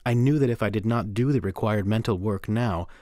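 A man giving a measured, earnest first-person reading from a memoir for a documentary. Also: lowish voice, dark tone, dry recording, studio quality.

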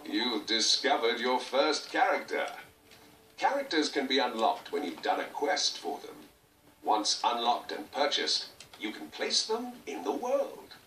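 Lively, bright male game narrator. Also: medium pitch, measured pace, a little hiss or hum. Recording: roomy, distant game audio.

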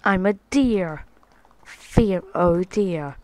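A woman hosting a playful, excitable let's play, chatting to her viewers as she plays. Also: lowish voice, very slow. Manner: playful, excitable, talks to viewers as lads and guys. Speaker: gaming channel host.

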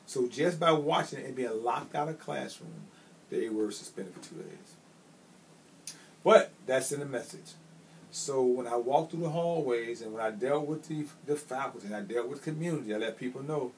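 A middle-aged man from Chicago, a school administrator telling stories from his career, emphatic and repeating his key phrases. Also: mid-range voice. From Chicago, United States. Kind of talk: recounting personal career stories. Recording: slightly distant mic with faint ambient noise.

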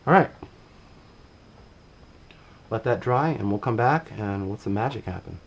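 Low-pitched guy demoing a painting, laid back, talks as he works, faint hum behind. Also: a little slow, creaky, highs cut off. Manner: relaxed, talks while working, trails off mid-sentence. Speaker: painting instructor. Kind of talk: casual painting demonstration.

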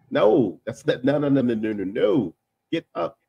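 A man in a casual panel discussion. He talks in an animated way, repeats himself, trails off into filler sounds and laughs as he talks. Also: medium pitch, unhurried, vocal fry, breathy edge, dry recording, highs cut off. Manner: laughs while talking.

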